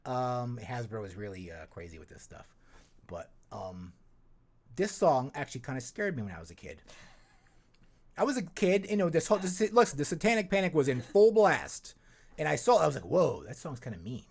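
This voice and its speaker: A man's voice: mid-range voice, sing-song, normal speed. Rambling man hosting a podcast. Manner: rambling, many restarts and fillers. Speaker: podcast host. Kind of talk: casual chat.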